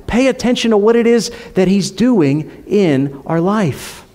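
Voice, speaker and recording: A man with a high voice delivers a sermon in a church. He preaches emphatically, pushing up and louder on rhetorical questions, then sinking to near-whispers for effect. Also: expressive, a little slow. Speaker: pastor.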